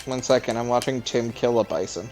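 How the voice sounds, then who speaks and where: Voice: medium pitch, a little mellow, poor audio. A co-host joking and teasing during a game stream. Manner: teasing, quick to laugh. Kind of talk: casual let's-play banter. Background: faint game music.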